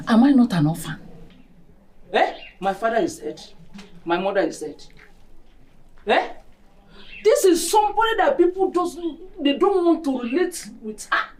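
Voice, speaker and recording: An actress with a Nigerian accent playing a harsh, loud, scolding mother. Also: high-pitched.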